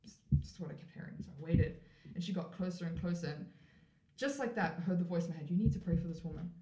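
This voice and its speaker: A woman from South Africa, a podcast guest, telling a personal story in casual talk, animated and full of "like" fillers, acting out what others said. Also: lowish voice, quick pace, slight background noise. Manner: animated, acts out quoted voices, frequent "like" fillers. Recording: roomy echoey room.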